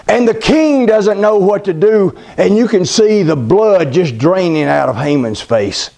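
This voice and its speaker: Male preacher, high voice, folksy dramatic sermon storytelling. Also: animated, a little slow, gravelly, hardly any pauses, dark tone. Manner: folksy, dramatic, addresses listeners as buddy.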